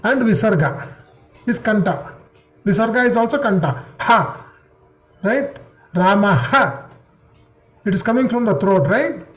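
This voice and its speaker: Slow, patient man. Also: sits high, animated, a bit bright. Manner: patient, repeats syllables and checks understanding. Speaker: teacher. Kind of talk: online class drilling pronunciation.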